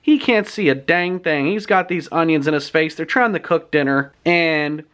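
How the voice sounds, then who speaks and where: A man retelling a book's plot in his own words, in a chatty, animated storytelling manner. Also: on the high side, moderate pace. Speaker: book reviewer.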